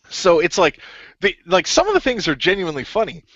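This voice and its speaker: A man with a fairly high, very animated voice chats casually as a podcast co-host, rambling and packing his sentences with fillers. The recording sounds dull and dry, with no room echo. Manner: rambling, filler-heavy, full of "like". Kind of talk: casual chat.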